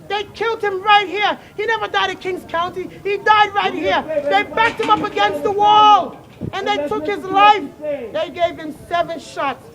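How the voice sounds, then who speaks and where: A woman speaking at an outdoor protest, grieving and pleading, repeating her words over and over. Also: very high voice. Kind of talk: impassioned street speech. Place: outdoors on a city street. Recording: loud crowd outdoors. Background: crowd.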